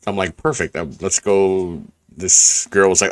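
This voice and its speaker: A man co-hosting a podcast, joking around and telling a quick anecdote in casual chat. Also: deep voice, little pitch movement, no room sound.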